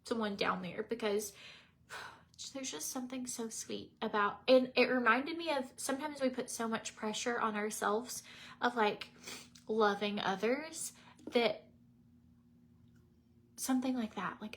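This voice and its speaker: A woman's voice: fairly high pitch, measured pace, a bit bright, slight background noise. A woman, chatting casually on a livestream, tired and teary, rambling with many fillers and restarts. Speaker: makeup vlogger.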